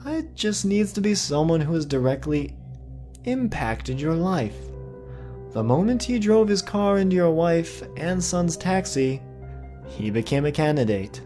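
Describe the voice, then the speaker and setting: A sly, gleeful creature with pointed teeth and a gangly frame, as a male narrator puts it on, pitched a little higher than a plain voice and pressing its bargain with quiet relish. Soft music plays faintly underneath. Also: big pitch swings, unhurried.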